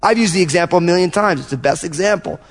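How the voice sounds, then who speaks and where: A man pastor preaching a sermon, telling animated stories and acting out little asides to his congregation. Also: high voice, quick pace, in a large hall, faint music behind. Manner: animated storytelling with acted-out asides.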